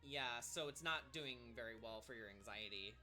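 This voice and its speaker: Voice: mid-range voice, moderate pace, sharp tone, faint music behind. A game master narrating a tabletop game, rambling with many ums and little laughs.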